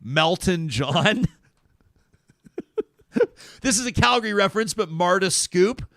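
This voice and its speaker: A man's voice: high voice, measured pace, gravelly, a bit bright, no room sound, clean studio sound. A man in his thirties hosting a talk show, chatting casually and joking, rambling with restarts. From Canada.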